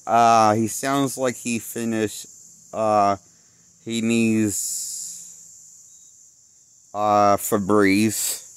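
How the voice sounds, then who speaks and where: A male movie critic talks through a casual review at a slow, unhurried pace. He rambles, restarts his thoughts and chuckles at his own jokes. His voice sits at an ordinary pitch in a dry, close sound. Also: clean tone, no room sound. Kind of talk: casual spoken film review.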